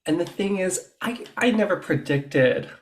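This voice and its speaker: A man with a somewhat high-pitched voice talks through his career in a relaxed interview. He tells stories in a chatty, animated way and acts out what other people said. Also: measured pace. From Canada. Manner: chatty, animated storytelling with acted quotes. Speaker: guest, fashion stylist. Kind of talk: casual interview chat.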